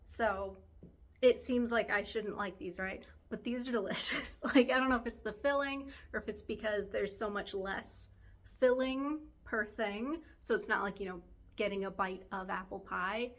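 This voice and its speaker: A woman's voice: mid-range voice, normal speed. A woman vlogger chatting casually to camera while baking in her home kitchen, rambling and laughing often.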